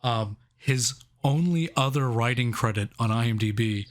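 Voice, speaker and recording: A man's voice: medium pitch, normal speed. A man co-hosting a casual movie review podcast, joking and swearing, often laughing. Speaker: podcast co-host.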